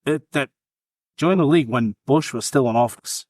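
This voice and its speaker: A man's voice: mid-range voice, normal speed, darkish tone, dry recording. Man, podcast co-host, casual sports chat, blunt and swearing, jokey, dry close sound. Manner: blunt, profane, jokey banter.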